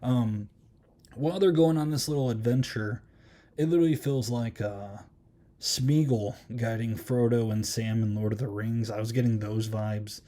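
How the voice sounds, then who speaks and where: A man's voice: mid-range voice, steady tone, moderate pace, mellow. A man hosting a podcast, chatting casually through a horror film review and rambling with many ums and likes. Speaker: podcast host.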